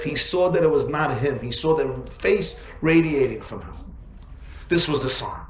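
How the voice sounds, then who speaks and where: A man giving a storytelling sermon to an audience, animated and joking as he acts out the tales. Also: high voice, reverberant, a little hiss or hum. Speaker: preacher.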